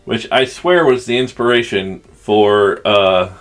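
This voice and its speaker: A man's voice: lowish voice, slow pace, faint music behind. A man with a Southern country accent giving casual, crude, joking commentary as he unboxes a video game collection. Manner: crude joking, rambling and chatty. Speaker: gaming channel host.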